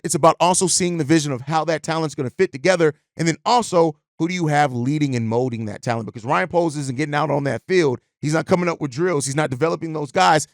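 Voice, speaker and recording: A man's voice: fairly high pitch, dry recording, studio quality. A man hosting a sports talk podcast, speaking with emphatic, repetitive phrasing about his team. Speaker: podcast host.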